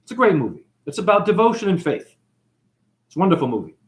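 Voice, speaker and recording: A man giving a freewheeling, jokey spiritual monologue, shouting catchphrases and acting out characters. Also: high voice, big pitch swings, fast talker. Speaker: spiritual talk host.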